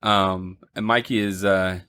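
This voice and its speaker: A young man co-hosting a casual movie review podcast, retelling the plot with frequent ums and quick laughs. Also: sits low, fairly even intonation, bright, forceful tone, smooth. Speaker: podcast co-host.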